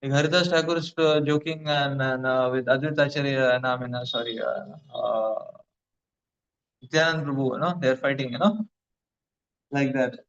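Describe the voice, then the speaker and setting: A man's voice: medium pitch, fairly even intonation, moderate pace, clean tone. A man giving a devotional lecture as a spiritual teacher, rambling with many fillers like "you know". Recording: dull lo-fi recording.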